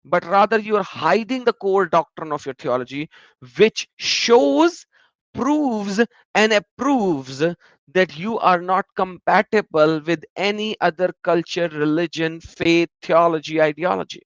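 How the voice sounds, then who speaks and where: A man's voice: sits high, lively intonation, a little slow, fairly bright tone, no room sound, dull audio. A man giving reaction commentary on video clips, emphatic and repeating words for stress.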